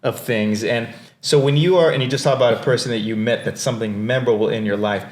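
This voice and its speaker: A man hosting a podcast interview, asking warm, encouraging questions and affirming often. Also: medium pitch, quick pace. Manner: encouraging, full of short affirmations. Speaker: podcast host. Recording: echoey room.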